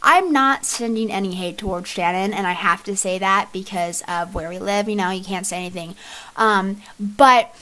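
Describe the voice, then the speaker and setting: A woman vlogger ranting about a book she hated, exasperated and repeating herself, swinging between loud outbursts and muttering. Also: mid-range voice, moderate pace. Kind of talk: ranting book review vlog.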